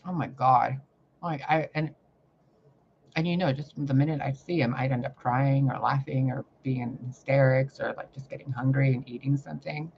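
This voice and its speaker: A woman vlogging a rambling, profane spiritual rant that swings between loud outbursts and hushed muttering. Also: rumbling low, moderate pace, vocal fry, slightly rough, lo-fi sound. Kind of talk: ranting spiritual vlog monologue.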